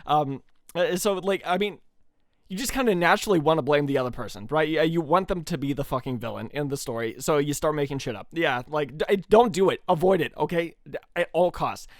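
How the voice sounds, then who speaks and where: A man's voice: on the high side, fairly quick, no echo, clean studio sound. A man giving casual, rambling commentary, swearing often and stumbling over fillers as he reacts. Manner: profane, rambling, hesitant with many fillers. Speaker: commentary streamer.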